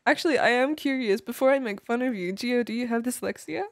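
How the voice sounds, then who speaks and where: A woman's voice: sits high, very animated, unhurried, no echo. A woman livestreaming a game, chatting casually with viewers, joking, swearing a lot and laughing often in a playfully dramatic way. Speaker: game streamer. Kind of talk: casual livestream chat while gaming.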